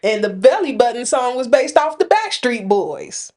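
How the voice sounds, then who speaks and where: A woman's voice: a little high, very animated, moderate pace, darkish tone. A woman in her thirties co-hosting a podcast in casual chat, telling stories and acting out both sides of conversations. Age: 30s. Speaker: podcast co-host.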